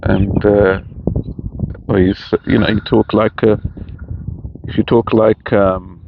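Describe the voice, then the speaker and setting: A middle-aged man talks casually outdoors, rambling and restarting his sentences. His voice sits a little low. The recording is dull and lo-fi, with faint noise behind. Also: flat delivery, takes it slowly, vocal fry. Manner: rambling, chatty, many restarts. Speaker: vlogger. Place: outdoors in a park.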